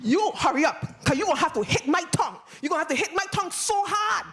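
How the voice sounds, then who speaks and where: A woman voicing a gruff, pushy, hungry wolf man in a folktale. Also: extremely high pitch, lively intonation, fast, fairly bright tone. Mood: urgent.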